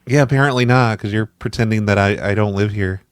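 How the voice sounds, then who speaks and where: A man, host of a prank call show, talking to apartment staff in a persistent, deadpan way while feigning offense. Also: fairly low pitch, a little fast, clear, resonant tone, dry recording, studio quality.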